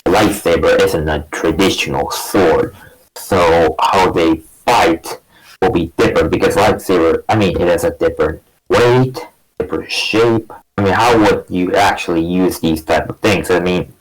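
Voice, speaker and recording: Deep-voiced man rambling on a podcast. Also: normal speed, poor audio. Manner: rambling, leans on "I mean". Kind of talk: casual podcast discussion.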